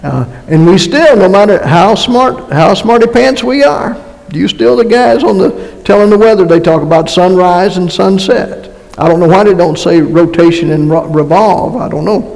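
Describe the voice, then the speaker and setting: A man's voice: high voice, moderate pace, creaky, a little mellow. A man preaching a conversational sermon with a Massachusetts accent, folksy and joking, with frequent restarts. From North Carolina. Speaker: pastor. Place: church sanctuary. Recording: long reverb of a church hall.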